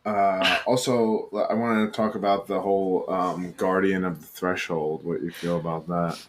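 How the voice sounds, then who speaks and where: A man with a very deep voice, co-hosting a casual chat. He is dryly self-mocking and hesitant, stopping often to look for the right word. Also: little pitch movement, moderate pace. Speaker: podcast co-host.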